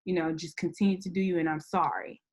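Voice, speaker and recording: A woman's voice: fairly low pitch, steady tone, quick pace, darkish tone. A young woman from Memphis, a podcast guest, telling a painful family story and fighting back tears. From Memphis, USA. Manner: tearful, laughing to hold back tears. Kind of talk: emotional personal story.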